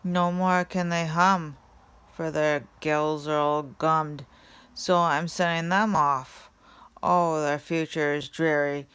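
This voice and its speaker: A woman voicing a grumpy, coughing small male forest creature who scolds loudly in a storybook reading. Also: sits low, steady tone, takes it slowly, clean tone. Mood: mournful. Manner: scolding, loud and pleading.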